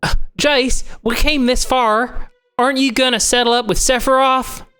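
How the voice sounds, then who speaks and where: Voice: high voice, steady tone, moderate pace, bright, forceful tone, clean tone, faint music behind, pitched above the performer's own voice. A player putting on a raised voice to play a worried, loyal young woman fighter in a fan-voiced game playthrough. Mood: pleading. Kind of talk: fan voice acting over a game.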